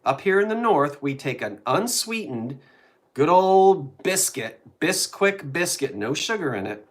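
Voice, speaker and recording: Animated older man. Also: on the high side, unhurried. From South Jersey. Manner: chatty, animated storyteller. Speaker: host. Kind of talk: casual live-stream chat.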